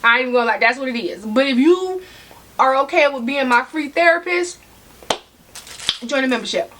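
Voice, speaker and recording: Eating while she talks, sometimes mouth full, a woman gives a sassy, chatty handbag vlog straight to her audience. Her high voice is animated and a bit bright, at a normal speed.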